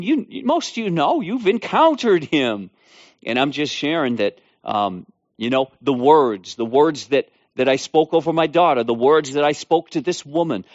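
Animated New preacher man. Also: a little high, no room sound, highs cut off. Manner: animated storytelling with laughs and restarts. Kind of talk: sermon with personal testimony.

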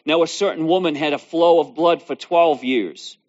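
A man preaches a sermon in a slightly high, a little mellow voice at normal speed. He reads scripture aloud, then expounds on it, repeating phrases with building emphasis, all on a dull lo-fi recording.

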